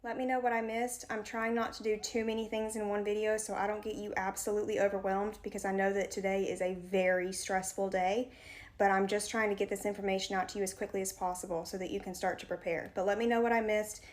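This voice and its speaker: A woman's voice: medium pitch, level tone, fast talker. Earnest woman vlogging advice to camera. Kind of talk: direct-to-camera advice vlog.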